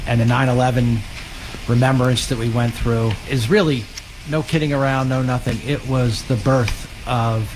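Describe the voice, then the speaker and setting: A man, a government intelligence official interviewed as a guest, answering in a measured, earnest way. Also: mid-range voice, fairly even intonation. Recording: audible background noise.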